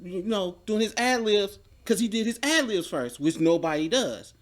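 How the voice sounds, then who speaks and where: Lively animated man telling a story. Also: sits high, normal speed. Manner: animated storyteller, acts out quotes. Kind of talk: casual chat, storytelling. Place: media studio.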